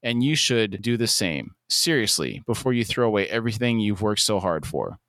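A man's voice: on the low side, lively intonation, normal speed, fairly bright tone, no room sound, clean studio sound. A man voicing an arrogant, menacing superhero while reading a scene.

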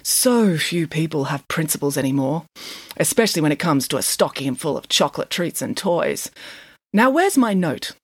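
A woman's voice: deep voice, big pitch swings, normal speed, husky, dry recording, heavily acted. A woman voicing a bossy, self-assured pig nanny who speaks emphatically. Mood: smug. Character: bossy, indignant female flying pig nanny.

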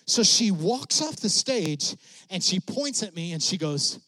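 Animated middle-aged preacher, dry sound. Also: male voice, a little slow, no room sound. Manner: animated, voice jumps high when excited. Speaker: preacher sharing a mission testimony. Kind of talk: sermon storytelling.

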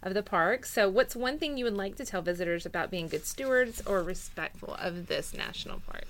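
A woman's voice: mid-range voice, lively intonation, fairly quick, fairly bright tone. A woman co-hosting a podcast, asking questions in a friendly casual way. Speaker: podcast co-host. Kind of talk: casual interviewing.

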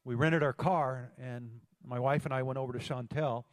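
A man's voice: mid-range voice, fairly even intonation, normal speed. A man preaching a sermon as pastor, telling a story and calling out to the congregation for responses. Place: large church hall. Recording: long hall reverb.

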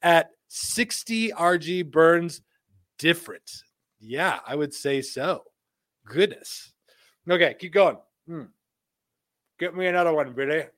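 A man's voice: a little high, animated, slow pace, long pauses, a bit bright, no room sound, clean studio sound. Upbeat man hosting a live stream. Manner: upbeat, joking, laughs often. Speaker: host. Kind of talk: live-stream chat, reading viewer comments. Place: home studio.

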